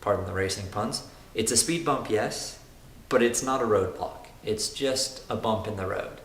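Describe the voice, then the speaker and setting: A man's voice: lowish voice, moderate pace, a bit bright. Earnest young man in a roomy room. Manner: earnest, reflective, with frequent restarts. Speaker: race car driver sharing his story. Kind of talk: personal testimonial. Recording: roomy room with faint hiss.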